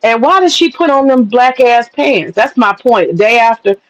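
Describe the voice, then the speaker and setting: Profane woman, high-set voice. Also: lively intonation, moderate pace, no echo, lo-fi sound. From Southern US. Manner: blunt, profane, wisecracking. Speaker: livestream host. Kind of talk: casual commentary rant.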